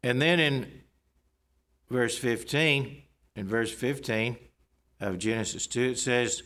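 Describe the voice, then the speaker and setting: Measured man preaching a sermon. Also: mid-range voice, fairly bright tone. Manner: measured, explanatory, reads scripture aloud.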